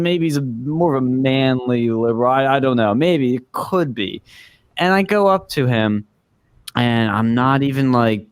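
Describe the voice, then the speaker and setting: A young man spins a loose, profane anecdote on a podcast, jumping in pitch to act out the people he quotes. His voice sits dry and close, with no room sound around it. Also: dry recording. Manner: rambling, profane, acts out quoted speech. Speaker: podcast host. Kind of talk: casual podcast storytelling.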